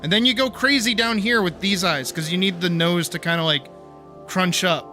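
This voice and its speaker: A man streaming live, talking casually and getting wildly animated, swearing freely as he demonstrates his art. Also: sits high, normal speed, faint music behind. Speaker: streamer and artist.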